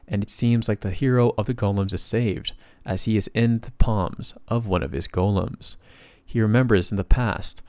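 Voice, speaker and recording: A man's voice: fairly low pitch, a little mellow, dry recording. A man narrating a comic story recap in a casual, plain retelling style with bits of slang.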